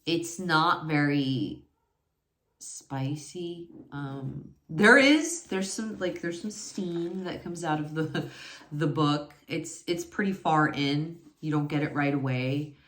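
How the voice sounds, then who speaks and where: A woman's voice: low voice, slow, fairly bright tone. A woman in her forties chatting casually about romance novels, rambling with many fillers and self-corrections. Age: 40s. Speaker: book reviewer. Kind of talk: casual book review chat. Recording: echoey room.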